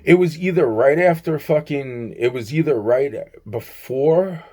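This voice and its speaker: A man's voice: fairly high pitch, a little slow, warm tone. A man recounting a strange encounter in a rambling, profane way, acting out both sides of the dialogue and repeating himself often. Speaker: vlogger. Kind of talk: rambling personal storytime.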